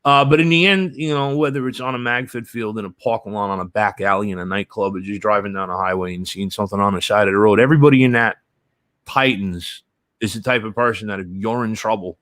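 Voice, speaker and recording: A man's voice: fairly low pitch, fast talker, fairly bright tone, no room sound. A man, a guest on a podcast, chatting in an earnest, loose way with lots of "you know" fillers and casual swearing. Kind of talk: casual interview chat.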